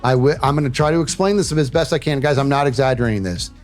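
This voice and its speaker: A man telling a story on a livestream in a casual, animated way, often saying "dude" and acting out what people said. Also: medium pitch, quick pace, soft background music. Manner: animated, says "dude" and "bro" often, acts out quotes.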